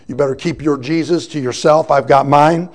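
Sharing his own testimony, this man speaks at normal speed in a voice on the high side. He narrates with lively energy and performs the voices of those he quotes.

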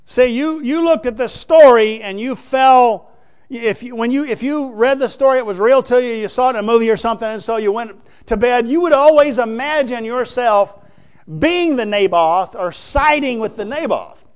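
High-voiced, emphatic folksy preacher man. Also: normal speed, clean tone. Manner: emphatic, folksy, swings from loud to hushed. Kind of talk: sermon.

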